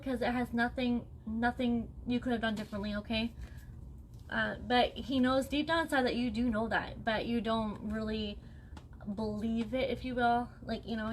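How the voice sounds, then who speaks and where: A young woman with a voice on the high side does a live-stream spirit reading as a psychic medium, with slight background noise. She's chatty and reassuring, frequently checking in with "okay?".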